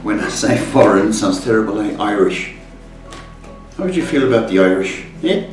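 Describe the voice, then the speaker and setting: A man's voice: fairly low pitch, animated, moderate pace. A man hosting a live psychic tarot call-in show, teasing and cheeky with his callers. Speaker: psychic tarot reader, host. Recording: roomy echo, far from mic, music behind.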